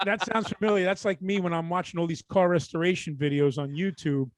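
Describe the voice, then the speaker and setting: Quippy New York podcast co-host. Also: male voice, high voice, steady tone, a little fast, dry recording. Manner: chiming in with quips, profane, laughing. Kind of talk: casual podcast banter.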